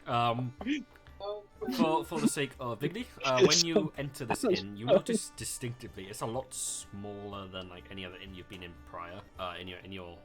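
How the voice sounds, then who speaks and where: A man's voice: lowish voice, normal speed, music in the background. A young man narrating a tabletop game as game master, rambling with frequent fillers and chuckles.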